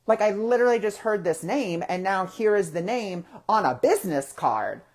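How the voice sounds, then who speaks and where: A man's voice: sits high, animated, moderate pace, few pauses. A man hosting a casual spiritual discussion, talking conversationally and asking rhetorical questions. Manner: conversational, asks rhetorical questions and acts out quoted thoughts.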